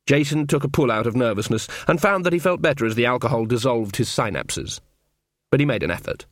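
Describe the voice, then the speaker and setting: A man narrating an audiobook in an expressive, wry way. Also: mid-range voice, normal speed, dry recording, studio quality.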